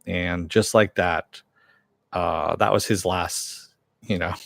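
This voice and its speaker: A man's voice: low-pitched, fairly even intonation, slow pace, gravelly, a bit bright, no echo. A man casually recapping a TV episode, rambling with many fillers and self-corrections. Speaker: TV show reviewer.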